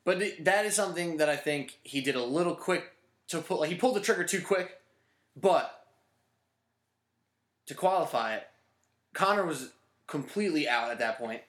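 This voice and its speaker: A man's voice: fairly high pitch, expressive, moderate pace, long pauses, fairly bright tone. A man hosting a podcast in casual chat, joking and emphatic with firm opinions. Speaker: podcast host. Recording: echoey room.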